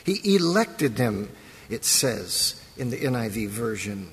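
A male pastor giving a sermon in a conversational way, pausing and restarting his phrases. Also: mid-range voice, animated, fairly bright tone. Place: church sanctuary. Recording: long church reverb.

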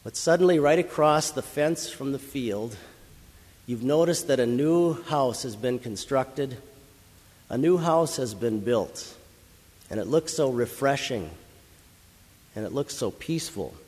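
A man's voice: medium pitch, darkish tone, big-room sound. A male pastor giving a dramatic sermon, telling a vivid story and rising into passionate proclamation.

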